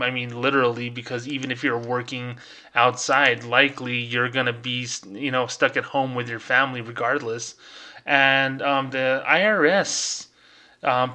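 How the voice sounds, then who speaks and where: A man hosting his own podcast, ranting in a casual, fired-up way and slipping into quick mocking voices. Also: mid-range voice, sharp tone. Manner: fired-up, ranting, mimics people in quick asides. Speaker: podcast host.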